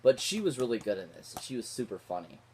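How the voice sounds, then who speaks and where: A man's voice: mid-range voice, very animated, fast, darkish tone, slight background noise. Gushing male movie reviewer. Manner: gushing, repeats favourite words; rambling with fillers and restarts. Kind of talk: casual spoken film review.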